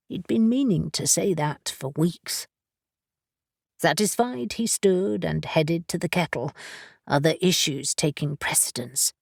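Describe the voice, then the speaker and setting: A woman narrating an audiobook in a measured storytelling manner. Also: on the low side, vocal fry, no room sound, clean studio sound. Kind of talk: scripted narration.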